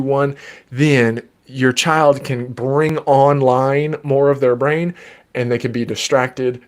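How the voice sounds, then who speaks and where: A man who is a child therapist and podcast host, giving patient, gentle advice in a live Q&A from his desk at home. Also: mid-range voice. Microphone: desk microphone.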